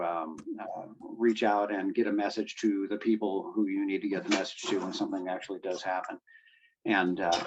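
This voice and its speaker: A man's voice: fairly low pitch, darkish tone, muffled recording. A man explaining radio communications to a boating club, with many fillers and restarts. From United States. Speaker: guest speaker on marine radio.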